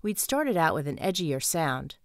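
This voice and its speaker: A woman narrating a romance audiobook in the first person with an even, storytelling delivery. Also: deep voice, unhurried, no room sound, clean studio sound.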